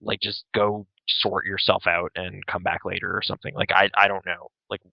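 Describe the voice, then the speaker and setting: A man's voice: sits low, level tone, normal speed, vocal fry, no room sound. Rambling grouchy podcast man, dry sound. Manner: rambling, grumbling, mock-grouchy quoting. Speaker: podcast co-host. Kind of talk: casual chat. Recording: slightly dull dry sound.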